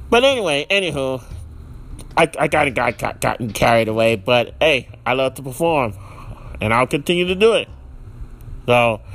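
A man hosting a casual solo podcast, rambling with many fillers and restarts, lively and quick to laugh. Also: medium pitch. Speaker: podcast host.

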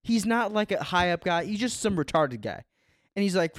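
A man's voice: high-pitched, sing-song, moderate pace, dry recording, studio quality. A young man chatting casually as a podcast co-host, rambling and laid-back, with lots of "like" and "dude". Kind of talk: casual chat.

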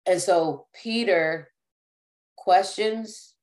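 A woman's voice: on the low side, extremely slow, darkish tone. A woman preaching a sermon as apostle and teacher, speaking emphatically and often repeating and restarting words.

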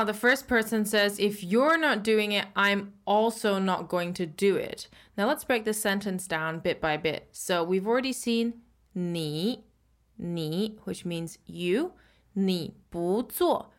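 A woman teaching on a language podcast at an everyday mid pitch. She talks easily and conversationally, then draws out the example words slowly and clearly for learners to copy. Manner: slows down and stretches Mandarin words for learners. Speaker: Mandarin teacher and co-host. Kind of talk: casual lesson explanation.

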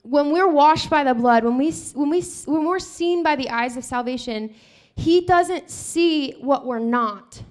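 A woman with a high voice preaches with animated energy. She retells a scripture story and acts out the dialogue herself, jumping between the voices. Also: measured pace. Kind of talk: sermon.

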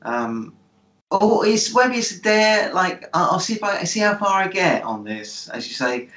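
A man's voice: high-pitched, very animated, measured pace, a bit bright. A man in casual conversation who readily agrees and chimes in with short assents. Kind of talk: casual chat. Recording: roomy, dull lo-fi sound.

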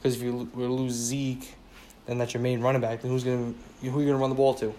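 A man rants about his team on his own, speaking in a middle pitch with loose, rambling sentences. He leans on "you know" over and over and swears freely once he's riled up. A faint hiss sits under the recording. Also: flat delivery, quick pace, warm tone. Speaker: sports fan podcaster. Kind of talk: casual solo sports rant.

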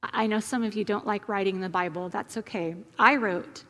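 A woman pastor giving a gentle, conversational sermon and leading a prayer. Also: mid-range voice, in a large hall. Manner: slow, gentle, conversational preaching.

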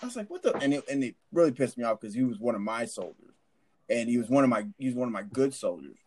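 A man's voice: medium pitch, lively intonation, fast, a little mellow, a little hiss or hum. A man, a former army sergeant, telling a barracks story in a rambling, profane way full of restarts. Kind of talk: casual storytelling chat.

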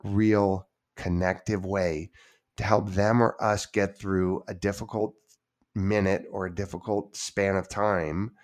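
Man, author guest, earnest, somewhat low voice. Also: level tone, slow pace. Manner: earnest, repeats words when emphatic. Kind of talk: casual conversation.

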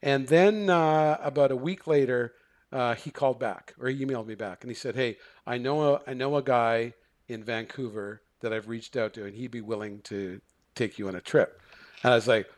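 A man speaking at an ordinary middle pitch tells a long personal story as an interview guest. He rambles and restarts his sentences, acting out the voices of people in the story. His tone stays casual and conversational. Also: normal speed. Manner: rambling, self-correcting, acts out quoted dialogue. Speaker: guest, therapist.

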